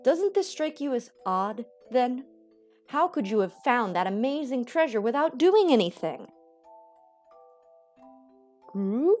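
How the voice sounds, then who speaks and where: A woman voicing the game's earnest young man, calmly reasoning with a friend. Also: a little high, takes it slowly, long pauses, soft background music. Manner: calm, earnest persuading.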